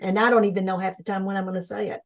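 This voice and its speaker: A woman speaking as a webinar guest, telling her spiritual experiences with excited energy, restarting sentences as her thoughts rush ahead. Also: mid-range voice, very fast. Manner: enthusiastic, spiritual, talks in bursts with restarts. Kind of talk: excited personal storytelling.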